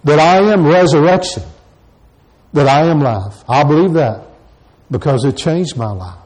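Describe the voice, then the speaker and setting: Rich: A man preaching from the pulpit, his voice sitting a little above the usual for a man. He takes his time, unhurried and measured, and keeps driving home the same questions to his listeners. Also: on the high side, expressive, a little mellow, low-quality recording. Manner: repeats rhetorical questions to the congregation. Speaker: pastor. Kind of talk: sermon.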